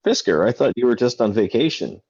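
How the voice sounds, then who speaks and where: A man's voice: medium pitch, big pitch swings, brisk, darkish tone, highs cut off, voice pushed up. A man voicing a startled young female gnome barkeep who speaks hesitantly in a tabletop game. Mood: surprised. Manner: hesitant, unsure, trailing off.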